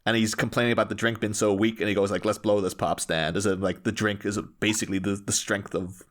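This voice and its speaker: A man's voice: lowish voice, quick pace. A man co-hosting a podcast, chatting casually and acting out lines with frequent laughs. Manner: animated, laughs often, acts out lines. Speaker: podcast co-host. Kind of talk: casual chat.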